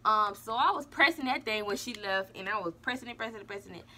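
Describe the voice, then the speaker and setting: A woman's voice: mid-range voice, fast talker, pushed and bright, slight background noise. A young woman vlogger casually telling a birth story and talking straight to her viewers. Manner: chatty, addresses viewers as y'all.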